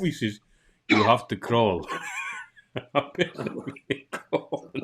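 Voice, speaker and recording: A man with a Geordie accent, co-hosting a podcast and telling a funny anecdote in a lively, laughing way. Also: mid-range voice, extremely slow, pauses often, slightly rough. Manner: animated anecdote teller, laughs through the story. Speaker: podcast co-host. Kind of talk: casual chat, storytelling.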